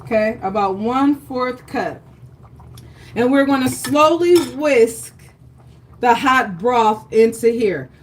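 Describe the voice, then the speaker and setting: A cooking show host runs a live demonstration from her home kitchen on a livestream setup, with slight background noise. Her fairly high voice is animated but slow, and she is chatty and encouraging, often checking in with viewers.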